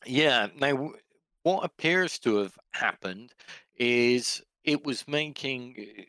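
A man's voice: mid-range voice, lively intonation, slow, sharp tone, no echo. Matter-of-fact man, dry sound. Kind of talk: casual gaming podcast chat.

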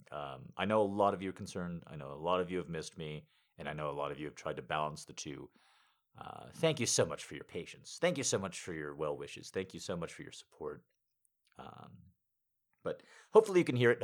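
A man with a very deep voice talks casually and warmly to his listeners. His speech rambles along with halting restarts. His pitch swings widely as he goes. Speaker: audio creator.

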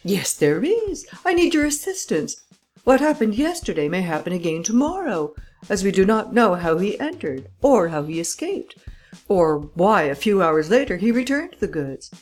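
A woman's voice: mid-range voice, big pitch swings, moderate pace, darkish tone, soft background music, pitched above the performer's own voice. A woman voicing an eager, anxious middle-aged male castle owner, exclaiming in a raised voice.

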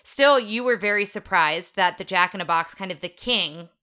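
A woman's voice: medium pitch, normal speed, sharp tone. A woman co-hosting a casual podcast chat, explaining things from her notes. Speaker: podcast co-host.

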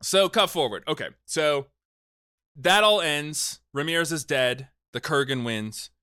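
Bright, clear-voiced man recapping a film. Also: on the high side, animated, a little slow, no room sound, clean studio sound. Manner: rambling, swears, acts out characters' lines. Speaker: podcast host recapping a film. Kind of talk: casual comedic film recap.

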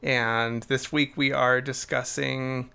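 Gravelly man co-hosting a podcast. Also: medium pitch, level tone, slow pace, pushed and bright. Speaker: podcast co-host. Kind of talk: casual chat.

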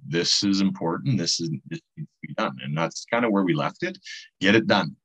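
A man talking casually on a podcast, halting and emotional, with some swearing. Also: sits low, lively intonation, a bit bright, slightly rough, poor audio.

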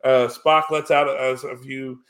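A man's voice: medium pitch, flat delivery, measured pace, a loud crowd. A man in casual chat, retelling a film scene by scene with many fillers and restarts.

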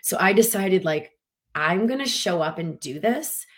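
Chatty woman coach, lowish voice. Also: a little slow. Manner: animated, chatty, lots of "like" and acted-out quotes. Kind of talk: motivational talk to an online audience.

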